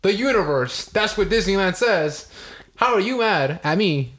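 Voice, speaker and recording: Young male podcast host, animated and profane, fairly high voice. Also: moderate pace. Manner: animated, profane storytelling with exaggerated outrage. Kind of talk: casual chat.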